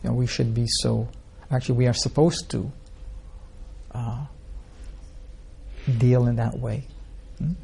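Gravelly man giving a scripture talk. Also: mid-range voice, steady tone, measured pace, pauses often, dark tone. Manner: rambling storytelling with rhetorical questions. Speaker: spiritual teacher. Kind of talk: informal scripture class.

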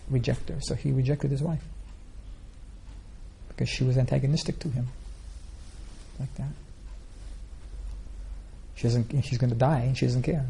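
Gravelly-voiced man telling scripture stories. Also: mid-range voice, fairly even intonation, unhurried, pauses often, mellow, slight background noise. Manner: rambling storyteller, many restarts and fillers. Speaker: spiritual teacher answering questions. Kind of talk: informal religious Q&A talk.

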